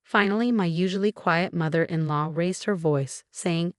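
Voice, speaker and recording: A woman narrating a dramatic family story in a scripted, measured reading voice. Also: lowish voice, no room sound, studio quality.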